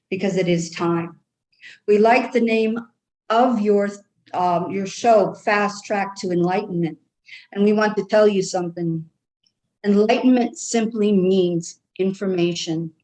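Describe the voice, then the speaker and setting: A woman speaking as a trance channel with an Irish brogue, talking slowly and soothingly for a group of guides. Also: medium pitch, darkish tone, rough recording.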